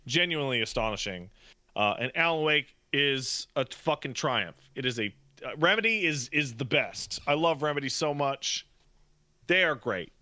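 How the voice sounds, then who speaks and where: Animated, bright-voiced man ranting on a podcast. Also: medium pitch, moderate pace, no echo. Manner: animated, exasperated ranting with frequent swearing. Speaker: podcast co-host. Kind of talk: casual podcast banter.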